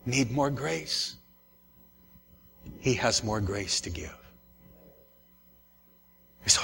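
A man's voice: mid-range voice, animated, slow, gravelly, pauses often, sharp tone, slight background noise. A male pastor preaching a sermon, emphatic and repeating his key phrases, speaking familiarly to his congregation in a church. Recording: long echo of a large church hall.

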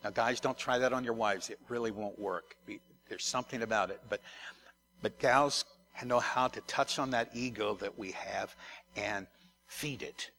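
A man's voice: fairly low pitch, normal speed, gravelly, fairly bright tone, slight background noise. A man, a pastor, preaching a conversational sermon to his congregation, often repeating words and turning to the listeners.

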